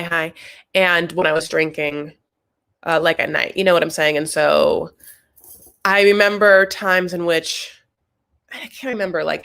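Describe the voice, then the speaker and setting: A woman hosting a casual reality TV recap, gossipy and animated, calling her viewers "honey". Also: sits low, gravelly.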